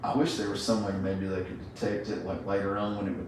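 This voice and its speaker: A laid-back man with a fairly low voice chats easily and jokes along. He sits back from the mic in a roomy, echoing space with a faint hiss. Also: little pitch movement, darkish tone. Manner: laid-back, quick agreeing interjections and jokes. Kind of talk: casual chat. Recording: roomy echo, mic at a distance, faint room noise.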